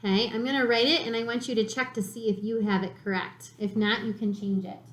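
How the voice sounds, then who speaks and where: A woman's voice: on the high side, fairly even intonation, fairly quick, a bit bright. A woman teaching a third grade reading lesson, patiently sounding words out syllable by syllable. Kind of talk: slow spelling lesson for children. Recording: echoey room.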